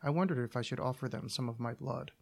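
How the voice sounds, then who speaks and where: A man, the podcast's host, reading a short story aloud in a calm, deadpan narration. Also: mid-range voice, quick pace, creaky.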